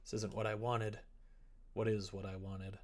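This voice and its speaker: A man's voice: fairly low pitch, level tone, moderate pace. A man streaming a game, making playful, wry asides while reading the game's text aloud. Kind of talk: casual live-stream commentary.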